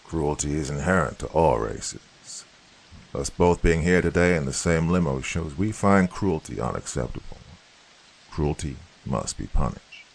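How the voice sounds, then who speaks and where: A man voicing a menacing, suave male creature who speaks slowly in a deep, measured voice. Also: lively intonation, gravelly, breathy edge, exaggerated voice. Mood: cold, smug. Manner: slow, low, measured delivery.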